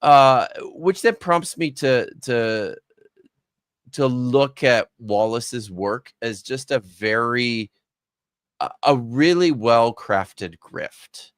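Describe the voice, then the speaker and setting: A male guest in a casual reaction chat, speaking in a deliberate, exasperated way. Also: medium pitch, clean tone, no echo, clean studio sound.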